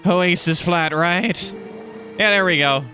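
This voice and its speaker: A jolly cannon-ride operator with a put-on British accent booms out his pitch like a fairground showman, as a man puts him on. The voice sits higher and louder than a normal speaking voice. Game music plays clearly behind. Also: slow, heavily acted. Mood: hearty. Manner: hearty, showman-like.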